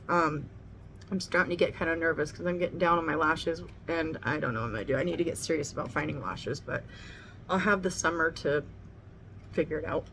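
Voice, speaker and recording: A middle-aged beauty vlogger with a lowish voice does her makeup at home in a room near the kitchen, with slight background noise. Her get-ready-with-me chat is blunt and casual, and she swears freely.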